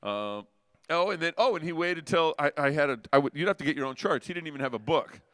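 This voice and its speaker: Here the middle-aged saxophonist guest sounds fairly high-pitched, expressive and quick, with a fairly bright tone. He rambles through anecdotes, often starting over mid-thought, in a casual interview picked up on a dry, close microphone.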